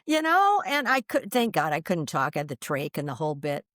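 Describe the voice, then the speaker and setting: Expressive woman telling her story, dry sound. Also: low voice, brisk, no echo. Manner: expressive, many fillers and restarts, laughs mid-sentence. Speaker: podcast guest. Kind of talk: animated personal storytelling.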